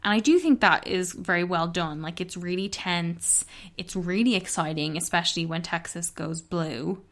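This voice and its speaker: A woman co-hosting a podcast, talking candidly and swearing casually in a relaxed book club chat. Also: on the low side, normal speed. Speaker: podcast co-host. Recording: traffic noise from an open window.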